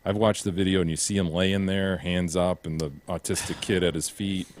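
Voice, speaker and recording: A very low-pitched male voice talks in a casual podcast chat. He is blunt and openly indignant, and he swears without a second thought. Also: little pitch movement, moderate pace, slight background noise. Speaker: podcast co-host.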